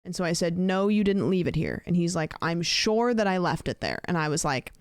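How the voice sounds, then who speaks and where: A woman's voice: fairly low pitch, expressive, a little fast, hardly any pauses, dry recording, clean studio sound. A woman streaming a game, chatting casually and swearing as she plays and talks to her chat. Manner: casual and sweary, talking to herself and chat while playing. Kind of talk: casual gaming livestream chat.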